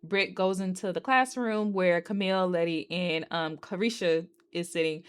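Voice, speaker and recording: A woman's voice: on the low side, fairly even intonation, moderate pace, clean tone. A woman giving a casual, chatty movie recap, filling her retelling with fillers and acting out the lines she quotes. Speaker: movie reviewer.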